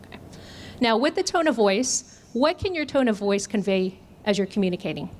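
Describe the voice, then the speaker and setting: A woman's voice: mid-range voice, expressive, normal speed, darkish tone, slight background noise. A woman trainer leading an interactive workshop, asking the audience questions and answering them. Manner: engaging, asks audience questions. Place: conference room.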